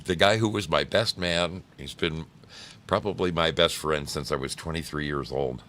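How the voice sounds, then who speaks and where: A man's voice: extremely low pitch, moderate pace, fairly bright tone, slight background noise. A middle-aged man hosting a live stream, greeting chat by name and telling laid-back, swearing work stories.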